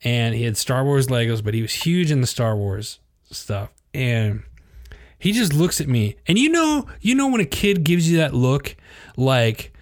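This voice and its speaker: A middle-aged man co-hosts a casual podcast and tells a parenting story. He rambles, restarts his sentences and laughs his way through it. His voice is mid-pitched and plain. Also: sing-song, a little slow. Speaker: podcast co-host. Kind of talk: casual chat.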